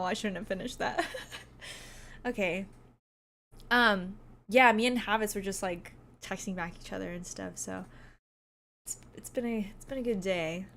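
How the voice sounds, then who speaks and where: A woman's voice: mid-range voice, a little hiss or hum. A woman streamer chatting casually, reading out her viewers' messages and laughing often as she thanks them.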